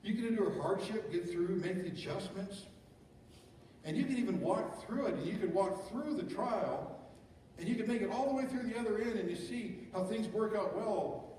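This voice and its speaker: A man's voice: high voice, normal speed, a little mellow, slight background noise. A middle-aged man pastor preaching a sermon, talking conversationally and asking the congregation rhetorical questions. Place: church sanctuary. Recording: echoey church hall from far off.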